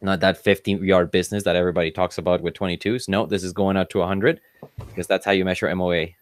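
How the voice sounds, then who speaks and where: A man's voice: sits low, fast talker, no echo, studio quality. A man on a talk show casually describing his rifle, with a rambling manner and frequent fillers. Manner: relaxed, rambling, many fillers.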